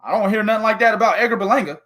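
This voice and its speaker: A man co-hosting a boxing talk show, loud and animated, full of slang, profanity and laughter. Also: high voice, very fast. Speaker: boxing podcast co-host. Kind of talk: casual profane chat.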